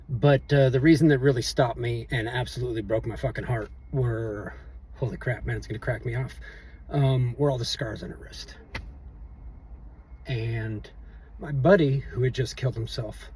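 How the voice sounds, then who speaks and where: This middle-aged vlogger has a husky, slightly mellow voice of medium pitch. He tells his story casually to the camera, wandering and offhand, leaning on loose fillers, with his voice picked up from a little way off the mic.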